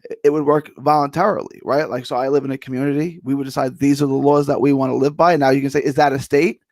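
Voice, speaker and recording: A man's voice: medium pitch, fairly even intonation, fast, gravelly, a little mellow. A man arguing his side in a podcast debate, casual and repetitive. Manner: casual, argues his side with repeated phrases. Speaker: debate guest. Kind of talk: political debate.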